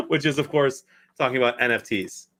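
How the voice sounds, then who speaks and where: Man, casual live stream co-host, bright forceful voice, easygoing, chuckles. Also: medium pitch, normal speed. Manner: easygoing, laughs while reading aloud. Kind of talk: casual live sports chat.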